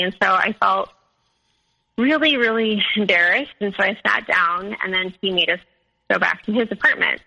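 A woman tells her own story as a podcast guest. She talks hesitantly, with lots of ums and likes. Her voice is bright and edged, with plenty of creaky fry at the ends of phrases. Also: mid-range voice, normal speed, rough recording. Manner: hesitant, full of "um" and "like". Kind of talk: recounting a personal story.

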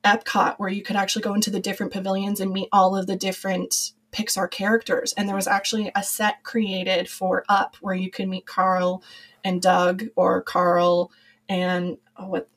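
A woman's voice: mid-range voice, monotone, moderate pace. A young adult woman, a podcast guest and former cast member, talking in a chatty, rambling way with many fillers. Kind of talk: casual podcast conversation.

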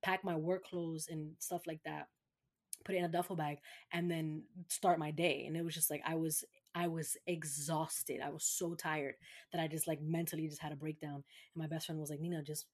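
A young woman with a lowish voice tells a personal story in a loose, candid podcast chat. She swears freely and slips into other people's voices when she quotes them. Her speech is relaxed and conversational, full of fillers. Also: moderate pace. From Massachusetts. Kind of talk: casual chat.

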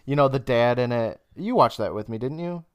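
A young man co-hosting a podcast, casually retelling an episode's plot with laughs and quick bursts of high mock voices. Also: lively intonation, smooth, no echo, lo-fi sound. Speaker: podcast co-host. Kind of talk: casual recap chat.

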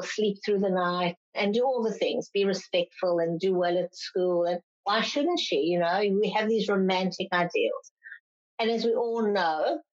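A woman clinical psychologist answering interview questions, explaining patiently and sometimes acting out parents' complaints in a raised voice. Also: mid-range voice. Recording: slightly dull lo-fi sound.

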